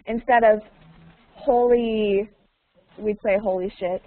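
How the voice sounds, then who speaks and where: An English teacher with a voice on the high side runs a conversation lesson by video call, speaking slowly with fairly even intonation and long pauses. She patiently repeats her questions and uses bits of Russian to explain, over tinny, narrow audio with faint noise.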